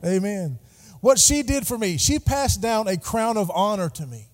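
A man's voice: high voice, expressive, moderate pace. A middle-aged man preaching a sermon in a church, calling on the congregation to repeat words back to him. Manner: call-and-response preaching, prompting the congregation. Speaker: pastor. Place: church sanctuary. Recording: long hall reverb.

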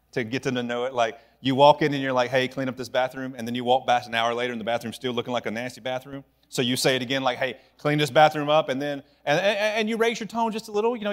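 A man preaching a sermon in a church, telling stories in a lively, conversational way that swings from loud to hushed. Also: a little high. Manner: animated, conversational storytelling with sudden drops to quiet. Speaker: pastor.

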